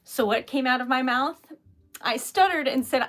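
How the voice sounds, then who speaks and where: Female streamer, slightly high voice, chatty and giggly, crafting live at home. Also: normal speed, fairly bright tone. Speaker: craft livestream host. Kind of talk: casual chat while crafting.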